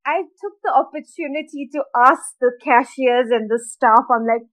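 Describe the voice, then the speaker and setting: A woman's voice: high voice, normal speed, fairly bright tone, poor audio. A woman co-hosting a podcast, telling a story in casual chat and laughing often as she talks. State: tired and grouchy from a broken nap. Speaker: podcast co-host.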